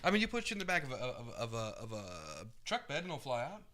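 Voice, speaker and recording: A man co-hosting a fight watch stream, chatting loudly and swearing with a friend. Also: medium pitch, fast talker. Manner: loud, animated, swearing, jumps topics. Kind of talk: casual banter between friends.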